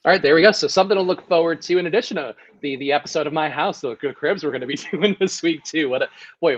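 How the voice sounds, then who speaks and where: A man co-hosting a casual sports podcast, talking quickly and laughing a lot. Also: fairly high pitch, dull audio, soft background music. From Sicilian family background. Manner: laughs often, fast and animated. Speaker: podcast co-host. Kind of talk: casual chat.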